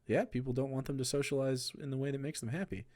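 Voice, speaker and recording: A man streaming live, giving casual, sarcastic, rambling commentary with animated bursts. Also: mid-range voice, fast, dry recording.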